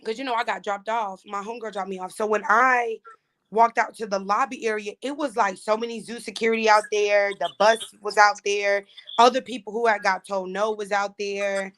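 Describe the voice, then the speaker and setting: A woman's voice: mid-range voice, fairly even intonation, moderate pace, a bit bright. A young woman from Florida, chatting casually and bluntly about an audition with lots of slang and profanity. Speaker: audition contestant. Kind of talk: casual chat.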